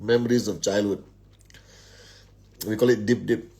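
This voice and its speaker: Speaking into a phone at home, a man hosts a network marketing live stream, upbeat as he reels off greetings to many viewers before a casual motivational talk. His voice is on the low side, steady, unhurried, creaky, and somewhat dark.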